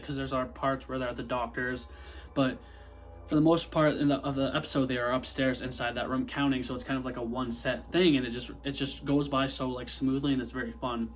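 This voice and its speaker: A young man casually reviewing an old horror episode, rambling loosely, swearing freely and acting out quotes. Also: medium pitch.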